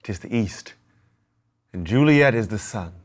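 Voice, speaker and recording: A male actor reciting Shakespearean verse as the lovestruck young Romeo, in a measured, lyrical delivery. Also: on the low side, expressive.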